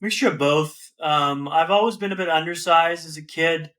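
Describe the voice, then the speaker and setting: A young man, a podcast guest, telling his story in a casual, animated way and calling the host man and brother. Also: on the high side, moderate pace. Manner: animated, slangy, calls listener man and brother.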